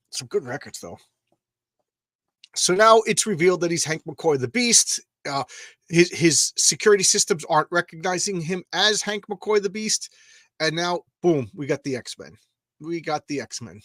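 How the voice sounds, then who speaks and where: A man's voice: fairly high pitch, fairly bright tone, no echo. A man hosting a live comics stream, talking casually in a rambling, emotional way with frequent stammers and restarts. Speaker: comics channel host.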